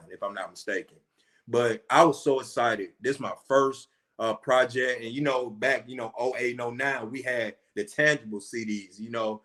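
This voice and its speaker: A man's voice: medium pitch, pushed and bright. A man in his forties from Atlanta, a rapper being interviewed, talking earnestly and from the heart, often saying "man" and "you know". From Atlanta, USA. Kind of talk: interview guest telling a story.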